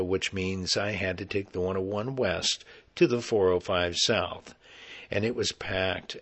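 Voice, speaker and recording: Husky, animated male storyteller. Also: on the low side. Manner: animated, conversational. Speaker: actor telling a story. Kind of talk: personal storytelling.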